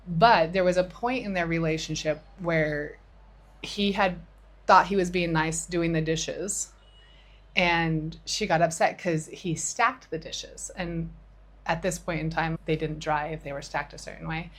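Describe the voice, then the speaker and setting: A woman's voice: low-pitched, steady tone, measured pace. A middle-aged woman co-hosting a podcast, chatting and retelling a conversation with a friend, with a few restarts. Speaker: podcast co-host. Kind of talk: casual chat.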